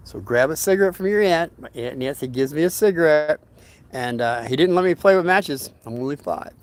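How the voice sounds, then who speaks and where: A rambling, folksy older man hosts a casual storytelling livestream. His voice sits a touch higher than most men's. He drifts between his tale and greeting viewers by name as their comments come in. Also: expressive, a little fast.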